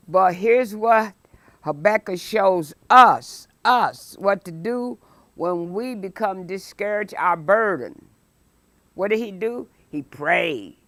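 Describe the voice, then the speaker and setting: A woman's voice: mid-range voice, no room sound. A woman pastor teaching a midweek Bible study sermon. She preaches emphatically, stretches out key phrases and reads scripture with dramatic force. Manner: drawn-out, deliberate stresses on key phrases.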